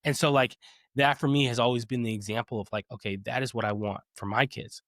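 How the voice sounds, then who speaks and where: A man around thirty hosting a podcast, talking in a relaxed, chatty way with frequent fillers, restarts and laughter. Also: mid-range voice, quick pace, no room sound. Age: 30s. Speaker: podcast host. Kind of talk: casual podcast conversation.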